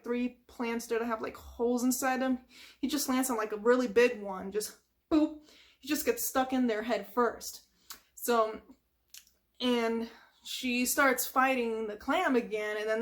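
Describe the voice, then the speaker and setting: Chatty woman retelling a cartoon, says like a lot, kinda high voice. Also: a bit bright. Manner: chatty, lots of "like" and sound effects. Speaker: storyteller. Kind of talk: casual retelling of a cartoon from memory.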